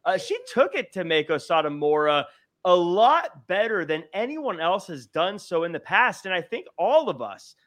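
Man with a high voice, co-hosting a podcast, animated and argumentative. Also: normal speed. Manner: animated, argumentative, acts out quotes. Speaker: podcast co-host. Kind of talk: casual wrestling chat.

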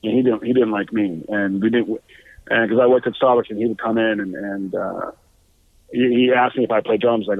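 A man telling an animated anecdote, acting out the voices in it and swearing. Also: fairly low pitch, a little fast, dry recording. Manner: acts out quoted voices, swears. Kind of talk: animated storytelling. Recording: tinny phone-like dry recording.

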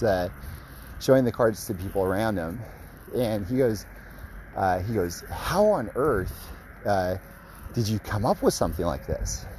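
A man telling an excited, rambling story about his custom card work, full of fillers. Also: sits low, slight background noise, low-quality recording. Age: adult, grew up a fan. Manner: rambling, many fillers, gushing.

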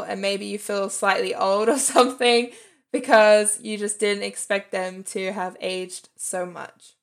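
A woman in her thirties talks through a film she watched in a casual, open review. Her voice has a noticeable vocal fry, and she breaks into light laughs between points. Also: mid-range voice. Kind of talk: casual spoken movie review.

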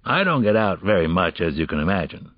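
A man's voice: sits low, very animated, fairly quick, no echo. A man voicing a sardonic, brilliant middle-aged male criminalist who lectures in a dry, impatient way, in an audiobook. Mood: wry. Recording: dull, dry audiobook recording.

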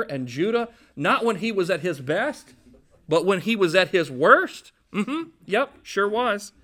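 A man preaching a casual, jokey storytelling sermon in a conversational, animated way. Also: fairly high pitch. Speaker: pastor.

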